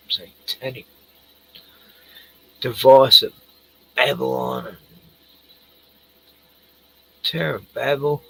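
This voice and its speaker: A middle-aged man talks slowly on a late-night stream, his voice gravelly and worn. He sounds tired, rambles from thought to thought and trails off often. He swears freely, and his pitch swings widely. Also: bright, forceful tone, no room sound, low-quality recording. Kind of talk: casual late-night chat.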